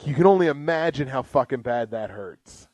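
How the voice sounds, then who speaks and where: Lively laughing male podcast host. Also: mid-range voice, no echo, muffled recording. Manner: laughs often, reads items slowly and deliberately. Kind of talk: casual comedic chat, reading out scanner posts.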